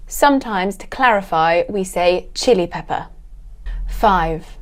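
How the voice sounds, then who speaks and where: A woman gives a scripted lesson to camera, speaking clearly and slowing down to model how words are pronounced. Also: fairly low pitch, expressive. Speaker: English teacher.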